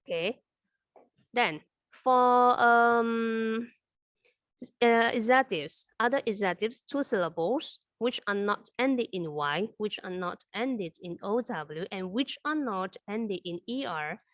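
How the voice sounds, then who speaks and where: A woman's voice: medium pitch, expressive, slow, fairly bright tone, no room sound. A young woman with an Indonesian accent teaching English grammar. She spells words out letter by letter and moves back and forth between two languages. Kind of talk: classroom grammar lesson.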